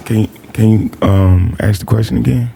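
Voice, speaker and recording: A man's voice: lowish voice, steady tone, moderate pace, gravelly, mellow, slight background noise. A man answering a judge in a courtroom, hesitant, stammering and polite. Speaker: defendant.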